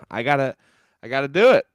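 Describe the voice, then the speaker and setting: A man's voice: mid-range voice, very animated, moderate pace, dry recording, clean studio sound. A man co-hosting a sports podcast, joking around in a sleepy, casual way. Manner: jokey, sleepy, talks over co-host. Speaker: podcast co-host.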